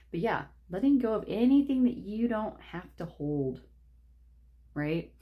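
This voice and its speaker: A woman's voice: medium pitch, big pitch swings, slow, lo-fi sound. A woman giving a casual pick-a-card tarot reading, rambling and chatty, laughing often. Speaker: tarot reader.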